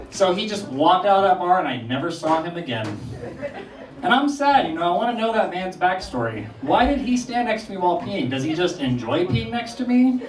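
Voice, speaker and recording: A young man performing a stand-up comedy set on a small theater stage, telling animated stories and firing off incredulous questions. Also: high voice. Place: small theater stage before a live audience. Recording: distant roomy mic with crowd laughter.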